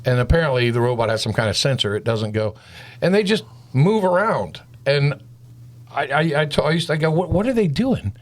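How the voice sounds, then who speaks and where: A man in his fifties leads a casual panel discussion. His voice sits at a middling pitch. He talks loosely and acts out anecdotes with quoted back-and-forth. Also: a little fast. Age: 50s. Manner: rambling, retells stories with quoted dialogue. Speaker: host.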